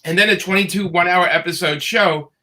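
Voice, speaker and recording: A man's voice: high voice, a little fast. A middle-aged man, a guest comics creator, telling a casual story and acting out the dialogue in it. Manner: animated, acts out quoted dialogue.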